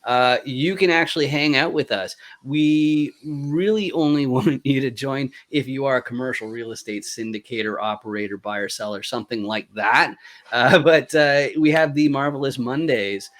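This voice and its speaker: A man hosting a casual panel chat, joking and relaxed as he makes announcements. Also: medium pitch, moderate pace.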